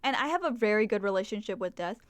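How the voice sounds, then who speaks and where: A woman's voice: mid-range voice, animated, fast, no room sound. A young adult woman chatting casually to viewers on a livestream, swearing and trailing off, at a desk microphone. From Mexican heritage. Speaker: streamer.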